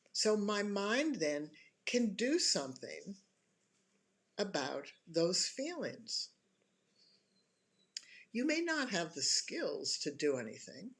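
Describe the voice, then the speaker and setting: A health educator speaks slowly and calmly, letting the pitch rise and fall freely. The talk moves point by point, with deliberate pauses to let each idea land. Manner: calm, deliberate, explains point by point; slow, emphatic pauses between phrases. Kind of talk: instructional talk to an online audience.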